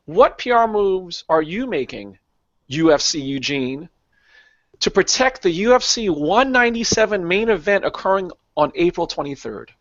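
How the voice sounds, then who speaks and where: A higher-voiced male host reads out news items and quotes in a measured, even way, then turns them into questions for his panel. The recording is dry and close, with a slightly muffled, dull sound. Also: dry recording. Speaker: podcast host, moderator.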